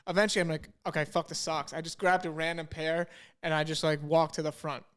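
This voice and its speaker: A young man co-hosting a podcast tells a story in casual chat, his fairly high voice brisk and smooth. He's animated, acting out the dialogue by quoting both himself and other people.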